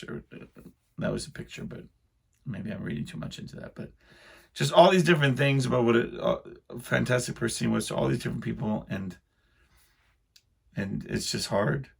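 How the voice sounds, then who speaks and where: A middle-aged man hosting a podcast, rambling through a casual solo monologue in a self-deprecating way, full of halting restarts. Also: mid-range voice, creaky, husky. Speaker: podcast host.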